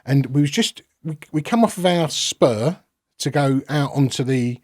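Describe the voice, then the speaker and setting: A man's voice: fairly high pitch, animated, moderate pace, a little mellow, dry recording, studio quality. A man, a podcast guest telling a rambling story that is full of swearing and acted-out dialogue. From London. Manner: rambling, swears freely, acts out quoted exchanges. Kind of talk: casual storytelling.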